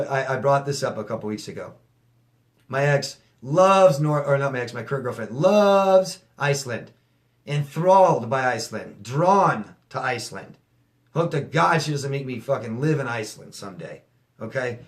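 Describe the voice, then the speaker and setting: A man speaking as a coach in a casual to-camera monologue, with a voice of ordinary middle pitch. He swears freely and keeps the tone conversational. His emphasis climbs high and loud whenever a point excites him. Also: moderate pace. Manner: animated, profane, rising to near-shouting emphasis.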